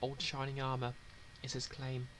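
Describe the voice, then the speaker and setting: A man's voice: medium pitch, monotone, normal speed, a bit bright, a little hiss or hum, low-quality recording. Casual streamer man reading a game aloud.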